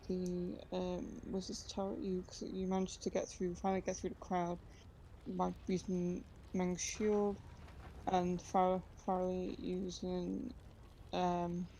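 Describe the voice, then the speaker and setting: Woman, game master, tabletop narration, hesitant, restarts, mellow tone. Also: lowish voice, vocal fry, a little hiss or hum. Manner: hesitant, many ums and restarts.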